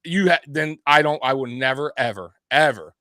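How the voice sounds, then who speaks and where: A man's voice: mid-range voice, lively intonation, normal speed, bright, forceful tone, no echo, studio quality. A man co-hosting a sports podcast, ranting in casual chat with lots of profanity and laughter.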